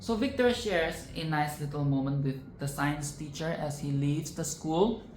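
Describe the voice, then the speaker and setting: A woman with a low, unhurried voice reacts to a film in a sassy, outspoken way, swearing freely and ranting. Her voice sounds roomy and echoey, with a faint hiss of noise behind it. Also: darkish tone. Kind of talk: casual film commentary.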